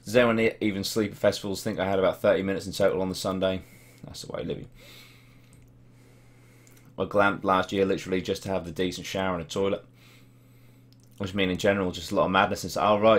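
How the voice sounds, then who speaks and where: A young man with a Norwich accent and a low, deep voice chats on a live stream. He reads out viewers' comments in laddish banter and swears freely. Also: flat delivery, quick pace. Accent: English, Norwich. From Norwich, England. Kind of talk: casual live-stream chat reading comments.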